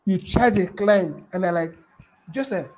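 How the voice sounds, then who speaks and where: A man's voice: sits high, normal speed, a little mellow, a little hiss or hum, poor audio. A man giving a live motivational business talk, repeating key phrases and asking his audience questions. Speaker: business coach.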